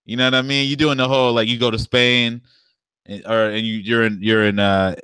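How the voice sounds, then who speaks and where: A man's voice: medium pitch, level tone, brisk, bright, forceful tone, clean tone, no echo. A man co-hosting a podcast in a casual, slangy chat, telling stories and laughing often. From family from the American South. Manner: laid-back slangy storytelling, laughs a lot. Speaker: podcast co-host.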